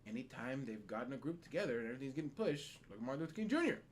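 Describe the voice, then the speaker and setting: A man hosting a casual podcast, talking in an animated, profane way and laughing often. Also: mid-range voice, racing, slight background noise. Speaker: podcast host.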